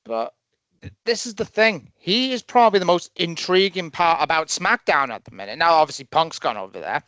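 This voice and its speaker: A man's voice: on the high side, moderate pace, clean tone, no room sound. A man co-hosting a casual wrestling podcast, giving firm opinions. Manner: animated, opinionated. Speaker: podcast co-host.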